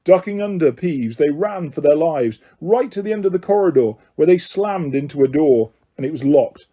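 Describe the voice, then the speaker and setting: A man reading an audiobook with lively, dramatic storytelling. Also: on the high side, normal speed, muffled recording. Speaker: audiobook narrator. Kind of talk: scripted narration.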